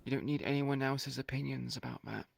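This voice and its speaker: A man's voice: mid-range voice, fairly even intonation, a little fast, gravelly, no echo. A man talking in character during a roleplay, blunt and dryly sarcastic, swearing casually. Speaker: roleplay player.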